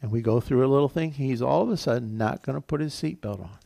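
An older pastor preaches a sermon, telling a personal story conversationally with frequent restarts and self-corrections. His mid-range voice has vocal fry and a dark tone, moves at a quick pace, and has no room sound.

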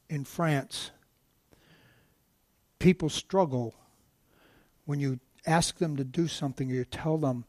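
A man's voice: on the high side, darkish tone, breathy edge, no room sound. Preaching man, stumbling storyteller. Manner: storytelling with many restarts and direct asides to the congregation. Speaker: guest preacher. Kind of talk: sermon.

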